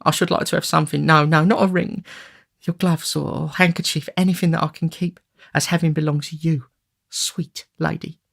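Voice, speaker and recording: A man's voice: on the high side, little pitch movement, normal speed, gravelly, fairly bright tone, pitched above the performer's own voice. A man voicing a frightened young woman of the streets in an audiobook, pleading and tearful.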